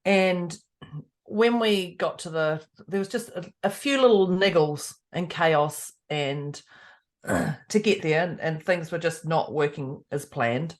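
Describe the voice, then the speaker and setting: A woman chatting casually as a podcast co-host, telling a story with lively quoted dialogue and frequent laughter. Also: deep voice, slow pace. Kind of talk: casual chat.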